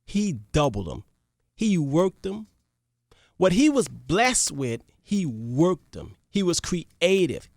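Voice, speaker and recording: A radio talk show host retelling a parable to listeners, animated and repetitive, checking in with the audience. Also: medium pitch, slow pace, gravelly, no echo, studio quality.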